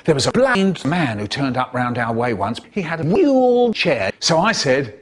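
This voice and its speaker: A man performing comic stories and rhymes with an animated, exaggerated delivery and expressive swoops. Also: fairly high pitch, unhurried, hardly any pauses. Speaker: storyteller. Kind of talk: comic storytelling and rhyming performance.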